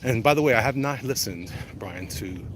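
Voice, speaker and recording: A man's voice: mid-range voice, lively intonation, moderate pace, heavy background noise. A man chatting casually while walking outdoors in the cold, rambling and reading out viewer comments as he goes. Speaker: vlogger answering live chat. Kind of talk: casual walk-and-talk livestream chat.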